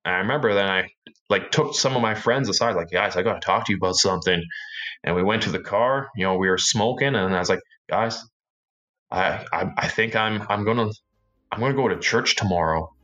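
A Canadian man, a guest, telling a personal story casually, in a loose and halting way with many fillers and restarts. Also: lowish voice, sharp tone, highs cut off.

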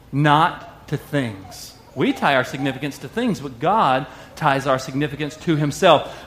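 High-voiced pastor preaching a lively sermon. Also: male voice. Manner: conversational preaching, addresses the congregation directly, jokes with them.

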